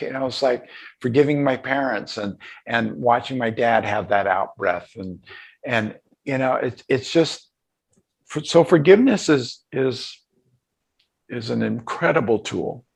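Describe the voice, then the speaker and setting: Gravelly older man telling a story. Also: mid-range voice. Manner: halting, emotional, many restarts. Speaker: interview guest. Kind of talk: reflective storytelling.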